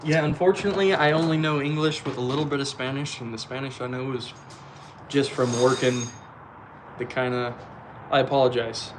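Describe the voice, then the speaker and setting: A man's voice: medium pitch, fairly even intonation, brisk, background noise. A man hosting a casual live stream from a shop, reading viewer comments in an easygoing, self-deprecating way. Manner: easygoing, laughs at himself, apologetic. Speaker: livestream host.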